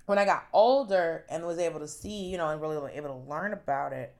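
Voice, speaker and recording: Woman comedian guest, slightly low voice, animated chatty storyteller. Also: a little fast, gravelly. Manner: animated, chatty, full of fillers and asides. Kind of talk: casual interview storytelling.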